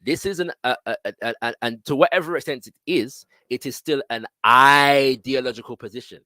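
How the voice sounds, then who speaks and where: A man's voice: mid-range voice, a little fast, bright, forceful tone, no echo. A man giving a lecture, reading passages from books aloud and often stopping to check in with his listeners. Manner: emphatic, checks in with listeners with frequent tag questions.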